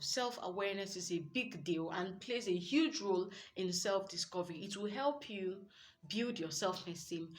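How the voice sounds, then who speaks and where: A young adult woman with a Nigerian accent giving earnest, lively relationship advice as a coach, with Pidgin asides. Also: mid-range voice. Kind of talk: motivational advice talk.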